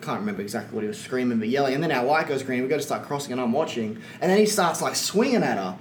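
A man's voice: medium pitch, lively intonation, very fast. A man with an Australian accent, a wrestler guest telling a story in casual chat and acting out the people he quotes. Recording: echoey room with faint ambient noise.

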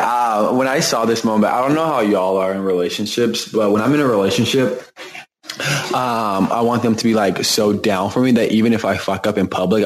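A man co-hosts a casual podcast with a playful, exaggerating manner. He laughs at his own jokes as he chats. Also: fairly low pitch. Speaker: podcast co-host. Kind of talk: casual recap chat.

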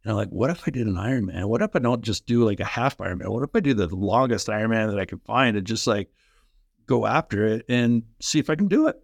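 Middle-aged man, former hockey pro, lively storyteller, lowish voice, dry close sound. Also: gravelly, dry recording. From Canada. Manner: energetic, fast-flowing anecdotes with quoted dialogue. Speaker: guest, former pro hockey player and coach. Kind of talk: animated storytelling in a podcast interview.

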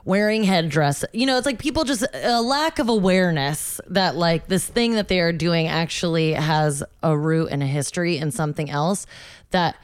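Laughing woman co-host with a smooth voice. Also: on the low side, moderate pace, no echo, studio quality. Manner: laughs a lot, swears casually, animated. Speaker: podcast co-host. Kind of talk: casual chat.

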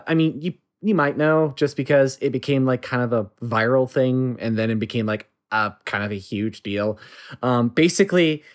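A podcast host chatting casually, rambling with many fillers and frequent giggles. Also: medium pitch.

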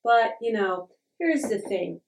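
A woman's voice: on the high side, expressive, slow, vocal fry. Middle-aged woman telling a story, blunt and laughing at herself, sounds far from the mic in an echoey room. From Utah. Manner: frank, self-deprecating, laughs often. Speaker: podcast host telling a personal story. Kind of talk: candid personal storytelling. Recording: roomy echo, distant from the mic.

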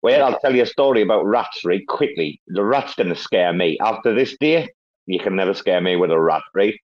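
A man's voice: sits low, brisk. A man from England, telling stories and swearing freely in a casual chat. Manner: sweary, storytelling, animated. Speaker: podcast host. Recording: dull lo-fi audio.

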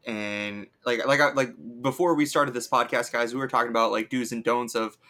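A podcast co-host who is coming down with a cold chats casually and enthusiastically, leaning heavily on fillers. His medium-pitched voice is brisk, pushed and bright, with fairly even intonation.

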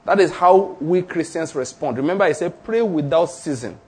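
A man preaching a sermon. He teaches emphatically, slowing down on key phrases and repeating declarations. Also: fairly high pitch, darkish tone, husky. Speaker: pastor.

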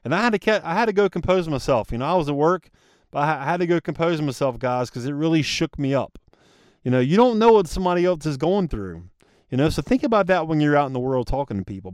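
A man's voice: a little high, a little mellow, smooth, dry recording, clean studio sound. A man hosting a solo motivational podcast, talking earnestly and casually to his listeners and calling them guys. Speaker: podcast host.

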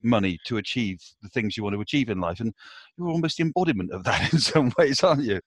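A man's voice: mid-range voice, lively intonation, fast talker, breathy edge, no echo. A male interviewer welcomes his guest and frames his questions with friendly enthusiasm. The recording is dry, with no room sound.

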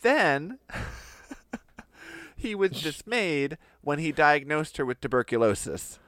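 Clear-voiced man telling a story. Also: fairly high pitch, big pitch swings, slow, fairly bright tone, dry recording. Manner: laughing, conversational storyteller. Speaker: podcast co-host. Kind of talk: casual storytelling chat.

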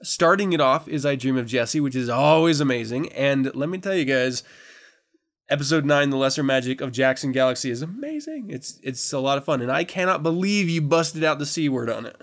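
A man's voice: medium pitch, lively intonation, a little fast, a bit bright. A man hosting a podcast in a casual chat, laughing often, swearing freely and rambling through restarts. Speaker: podcast host.

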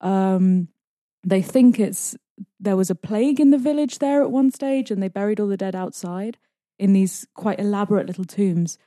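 A woman's voice: mid-range voice, normal speed, warm tone, dry recording, studio quality. A young British woman, a podcast guest, describing places with enthusiasm in casual conversation. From Britain.

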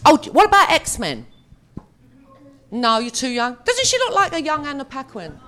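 A woman's voice: sits high, wildly swooping pitch, moderate pace, sharp tone, a little hiss or hum. A woman telling chatty, self-mocking stories to a live audience as a guest on a convention panel. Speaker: actress speaking at a fan convention panel. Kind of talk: anecdotal storytelling to a live audience.

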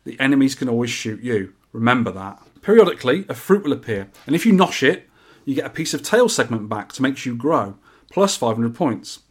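A man's voice: mid-range voice, big pitch swings, a little fast, husky. A man chats on his podcast, his voice sitting in the middle of the range. He explains game rules in an easygoing, lightly joking way, as if talking to a friend across the table. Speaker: podcast host. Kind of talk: casual podcast chat.

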